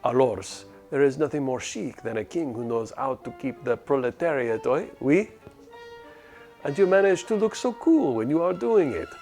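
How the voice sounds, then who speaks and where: A man's voice: mid-range voice, expressive, moderate pace, a little mellow, faint music behind, close to an everyday voice. A man voicing a flamboyant male fashion designer in a game, with a clumsy mock French accent. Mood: gushing.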